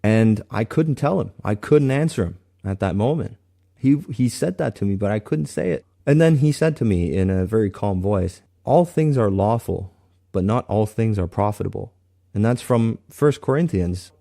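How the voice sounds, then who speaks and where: A man tells a personal testimony in a lowish voice. His tone is mellow and soft-edged. He speaks earnestly and haltingly, and he often restarts his sentences. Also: lively intonation, gravelly. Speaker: guest sharing a faith testimony.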